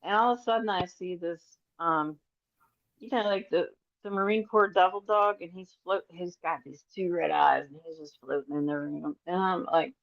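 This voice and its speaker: A middle-aged woman, a podcast guest, telling rambling, animated stories and acting out the voices of the people in them. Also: fairly low pitch, normal speed, gravelly, dry recording. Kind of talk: casual storytelling interview. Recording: dry, slightly dull audio.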